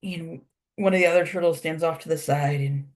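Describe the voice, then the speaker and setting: An instructor tells a folk tale aloud to a class at an easy pace. The voice sits at a middle pitch, and words are repeated for rhythm. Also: fairly even intonation, fairly quick. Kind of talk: oral storytelling in a class.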